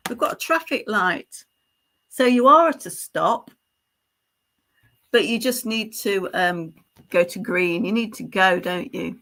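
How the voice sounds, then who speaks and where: A woman working as a psychic medium, giving a live reading in a halting, stream-of-consciousness way full of fillers and restarts, checking in with the sitter through tag questions. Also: medium pitch, lively intonation, sharp tone.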